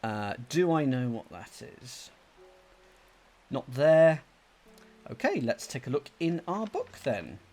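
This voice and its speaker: A man's voice: medium pitch, very animated, takes it slowly, long pauses, mellow, soft background music. A man hosting a let's play, thinking aloud, muttering to himself and reading out game text. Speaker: gaming channel host.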